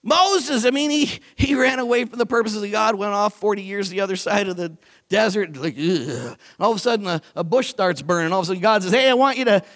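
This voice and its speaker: High-voiced preacher booming in a hall. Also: male voice, brisk. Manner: animated, swinging from low asides to loud declarations. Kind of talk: sermon. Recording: long hall reverb.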